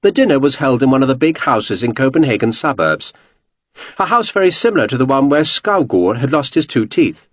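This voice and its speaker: A man reading a historical novel aloud as audiobook narration, measured and expressive. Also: medium pitch, dry recording.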